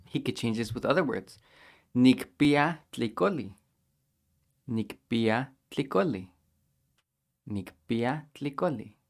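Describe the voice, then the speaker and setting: A man teaching a language lesson, patiently repeating each phrase slowly and clearly for learners to copy. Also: mid-range voice, animated.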